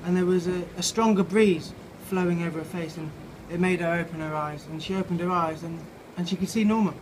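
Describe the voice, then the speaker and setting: Slightly drunk man, storytelling, halting and playful, noisy outdoor pub backdrop. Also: high-pitched, fairly even intonation. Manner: halting, playful, loose with restarts and swearing. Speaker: author reading his own story. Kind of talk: tipsy storytelling reading. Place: outside a pub.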